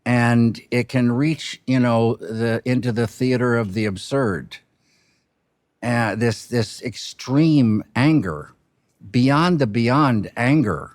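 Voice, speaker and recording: A film director speaking reflectively in an interview, halting and soft-spoken, with frequent restarts and trailing pauses. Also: male voice, mid-range voice, no echo, studio quality.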